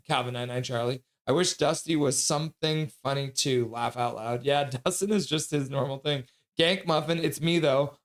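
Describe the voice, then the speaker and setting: A man's voice: mid-range voice, fairly bright tone. A man hosting a hockey livestream, reading viewers' chat messages aloud and chatting back casually.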